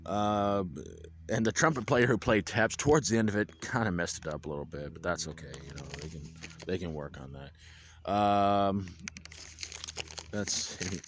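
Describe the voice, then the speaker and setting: This man, a vlogger, chats through a high school football game recap for his audience while wind whips around the stadium. His low-pitched delivery is animated and normal in speed, packed with restarts and wry comments.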